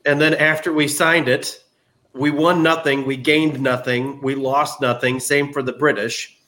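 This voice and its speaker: A man guest on a casual podcast, retelling war history in an animated, jokey way. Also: mid-range voice, unhurried.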